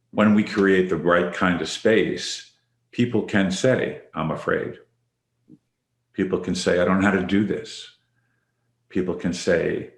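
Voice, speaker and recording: A man hosting a leadership podcast, reflecting on the topic and inviting each guest in by name. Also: deep voice. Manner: reflective, affirming, asks others by name. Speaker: podcast host, leadership facilitator. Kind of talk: conversational discussion. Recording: roomy echo.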